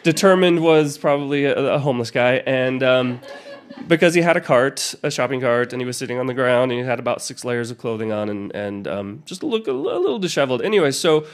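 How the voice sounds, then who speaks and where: A man's voice: medium pitch, animated, a little fast. A man telling a personal story live, rambling and self-deprecating, with many restarts and asides.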